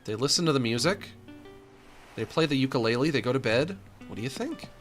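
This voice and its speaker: A man's voice: medium pitch, animated, brisk, faint music behind. A man streaming a video game, chatting casually to himself and the characters as he decorates a room. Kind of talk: casual gameplay commentary.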